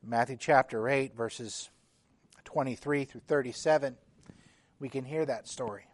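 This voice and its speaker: A man preaching a sermon in a measured, emphatic way, his intensity rising and falling. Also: mid-range voice, dry recording.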